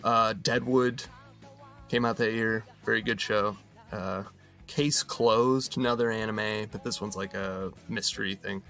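A man's voice: lowish voice, fairly even intonation, unhurried, fairly bright tone, soft background music. A man in his thirties co-hosting a podcast, running through a list in casual chat, chuckling and trailing off between items. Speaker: podcast co-host.

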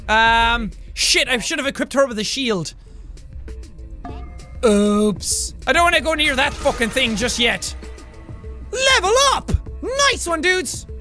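A young man giving loud, excitable let's play commentary, swearing freely and swinging between shouts and mutters. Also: extremely high pitch. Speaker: gaming YouTuber.

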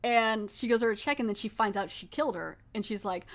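A woman podcast host walks through a horror episode scene by scene in a relaxed, talkative voice. She laughs often and slips into mocking voices when quoting the characters. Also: on the high side, brisk, few pauses. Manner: chatty, laughing, acting out characters' lines in a mocking voice. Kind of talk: casual episode recap.

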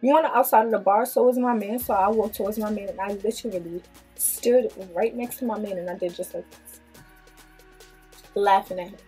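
A woman vlogger who tells a story in an animated, blunt way, with plenty of swearing. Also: medium pitch, brisk, soft background music. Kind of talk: storytime vlog.

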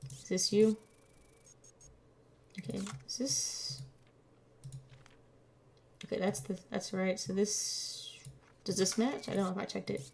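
A woman streaming a game, talking half to herself in a slow, unhurried way as she checks things over. Her voice has a gravelly, fry-edged texture, and keyboard typing clicks sit faintly behind her. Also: medium pitch, fairly even intonation, darkish tone, slight background noise. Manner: muttering to herself while checking documents, playful. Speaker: gameplay streamer. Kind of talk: casual let's-play commentary.

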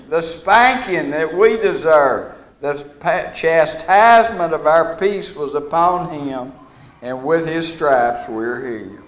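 A middle-aged man preaching a sermon, folksy and deliberate, leaning on key words. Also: medium pitch.

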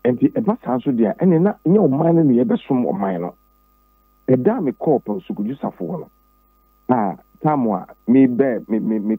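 A Ghanaian man, a pastor and former presidential candidate, speaking emphatically as an interview guest, his voice husky and jumping high when he presses a point. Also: dry recording. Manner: emphatic and preachy, with sudden high pitch leaps and repeated words. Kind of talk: political interview, Twi mixed with English. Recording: tinny phone-like line.

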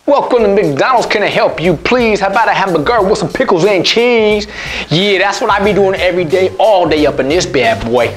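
A woman putting on a cocky young male fast-food worker who raps while working the counter. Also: medium pitch, lively intonation, soft background music, pitched below the performer's own voice, lightly acted. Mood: swaggering. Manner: swaggering, half-rapped.

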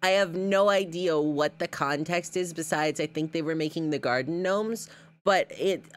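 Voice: mid-range voice, moderate pace. Giggly rambling streamer chatting casually. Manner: rambling, giggly, many fillers and repeats. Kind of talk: casual livestream reaction chat.

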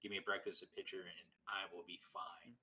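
Guy doing a showy half-elf entertainer lady, brash and pushy, low bright voice. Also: little pitch movement, brisk. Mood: demanding. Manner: bold, demanding tavern orders.

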